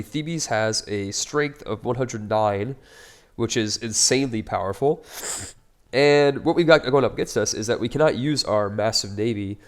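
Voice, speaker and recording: A man casually commenting on his own strategy game playthrough, upbeat and chatty with wry, joking asides. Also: medium pitch. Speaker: let's play host.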